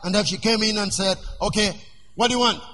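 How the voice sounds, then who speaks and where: A man preaching a sermon as pastor, emphatic and repetitive, rising into shouts. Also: high-pitched, fairly quick, a little hiss or hum. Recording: long church reverb.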